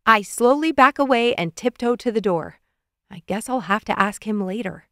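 A woman narrating a children's audiobook in an expressive first-person storytelling manner, close to the mic. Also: a little high, normal speed, dry recording.

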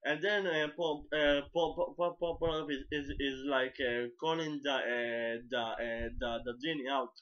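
Halting man recapping an anime episode. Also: medium pitch, steady tone, a bit bright. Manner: halting, with many repeats and stumbles; casual and profane. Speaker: anime reviewer. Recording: dull lo-fi recording.

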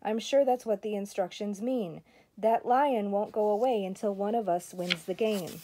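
A woman's voice: medium pitch, moderate pace, warm tone, lightly acted. An older woman voicing a bossy, eager young girl in a read-aloud storybook. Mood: insistent.

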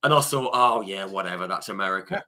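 Bright-voiced podcast host. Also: male voice, low voice, fast. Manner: enthusiastic, storytelling fan. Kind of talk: conversational interview.

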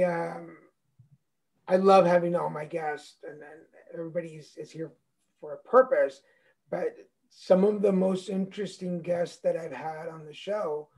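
A man's voice: on the high side, creaky, a little mellow, poor audio. A man hosting a podcast in a casual interview, reflective and encouraging as he searches for his words. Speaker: podcast host.

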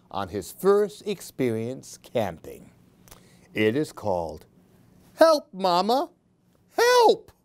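A woman reading storybooks aloud to young children, very slow and sing-song. Her pitch rises and falls widely to keep them listening. The recording is close and dry. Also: a little mellow, no echo.

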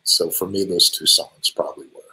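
A band singer answering fan questions on a live stream, friendly and relaxed, with many ums and restarts. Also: male voice, sits low, a little fast, low-quality recording. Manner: friendly, thanks each fan by name.

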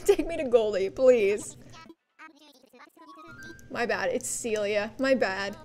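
A woman's voice: mid-range voice, animated, slow, long pauses, a little mellow, faint music behind. A woman streaming a game, chatting casually with her viewers in a bubbly, giggly way. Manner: bubbly, giggly, talks to chat. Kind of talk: casual gameplay livestream chat.

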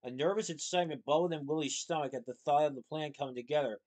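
Guy reading a kids book out loud, steady, kinda higher voice. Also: fast. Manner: plain, steady storytelling. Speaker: reader. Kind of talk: reading a children's novel aloud.

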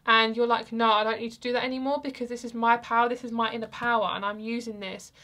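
Young woman doing a tarot reading vlog, kinda high voice, rambly and chatty, lots of likes and ums. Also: little pitch movement, fast talker. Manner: chatty, rambling, soft-spoken with frequent fillers. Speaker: tarot card reader.

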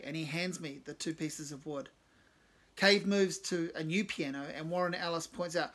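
A man narrating his own short story in a measured, understated way. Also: fairly high pitch, fairly even intonation, a bit bright.

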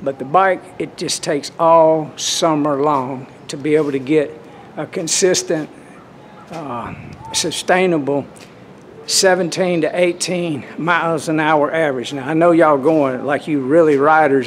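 A man's voice: fairly high pitch, a little slow, slight background noise. A man, chatting casually to camera in a folksy, rambling way at a swimming pool. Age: 60s. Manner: rambling, folksy, restarts often. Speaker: vlogger.

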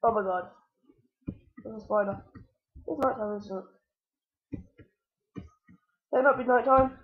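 During her let's-play, a gaming channel host speaks to the game with excitement and yelps whenever danger looms. Her voice is on the high side and unhurried, and the audio sounds narrow and tinny.

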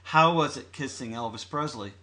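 A man's voice: mid-range voice, normal speed, sharp tone. Man interviewing with short prompts. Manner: brief prompts and affirmations. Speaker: interviewer host. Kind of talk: phone interview.

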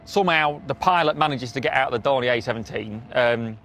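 A man's voice: medium pitch, fairly quick, a bit bright. A middle-aged man, telling stories to camera in a blunt, casual way, swearing and laughing as he goes. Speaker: documentary presenter.

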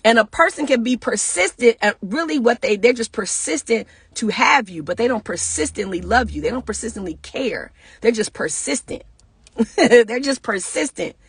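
Husky woman preaching casually. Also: on the high side, expressive, moderate pace, a bit bright, dry recording, studio quality. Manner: conversational, preacherly, talks back to listeners. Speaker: pastor and speaker. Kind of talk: casual motivational talk.

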